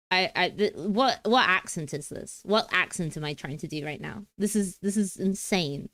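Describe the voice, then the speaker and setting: A woman's voice: lowish voice, normal speed, few pauses, fairly bright tone, dry recording. A young British woman chatting playfully on a live stream, with frequent giggles and stumbling restarts. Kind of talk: casual stream chat.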